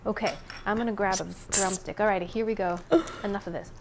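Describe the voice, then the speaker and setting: A woman's voice: mid-range voice, fairly even intonation, fast. Woman cooking host, food tasting narration, noisy recording. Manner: savoring, describes taste in detail.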